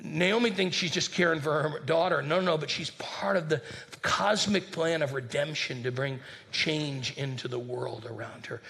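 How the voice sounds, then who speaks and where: Gravelly lively man preaching a sermon. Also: fairly high pitch, normal speed. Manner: lively, calls on the congregation to respond. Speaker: senior pastor. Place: church sanctuary with congregation.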